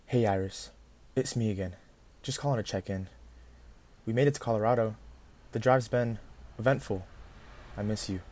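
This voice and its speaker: A man's voice: mid-range voice, animated, fairly quick, a little mellow, breathy edge. A man playing an earnest, reflective hero. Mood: wistful. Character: devoted young husband missing his far-away wife. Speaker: narrator and lead character.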